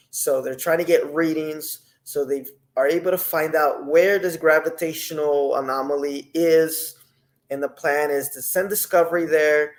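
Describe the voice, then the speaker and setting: Animated, gravelly-voiced man reviewing TV. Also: a little high, low-quality recording. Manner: rambling and animated, many fillers and restarts. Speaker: TV episode reviewer. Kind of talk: casual spoken review.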